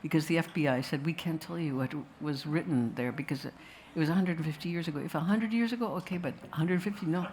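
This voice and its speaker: A woman's voice: low voice, fast talker, few pauses, a little mellow, slight background noise. A woman telling a wry, digressive story to a festival audience and slipping into voices now and then. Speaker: filmmaker answering questions.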